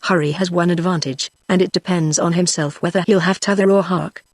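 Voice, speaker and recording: A text-to-speech voice reading the lines of a humble, plain-spoken male frontier hunter in a storybook, in an even synthetic delivery. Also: mid-range voice, brisk, no room sound, close to an everyday voice.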